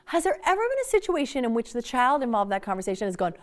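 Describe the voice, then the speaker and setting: A woman speaker giving a public talk on parenting, animated and emphatic, acting out quotes as she goes. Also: on the high side, racing.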